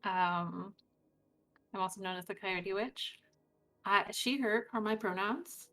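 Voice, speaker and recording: A woman's voice: medium pitch, slow pace, pushed and bright, slight background noise. A woman introducing her character in casual chat, gushing and affectionate. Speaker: player.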